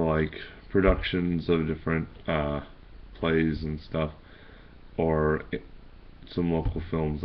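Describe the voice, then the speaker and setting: Low-voiced rambling man hosting a tutorial. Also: muffled recording. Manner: rambling, hesitant with many fillers and restarts. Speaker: host of a video channel. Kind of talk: casual tutorial talk.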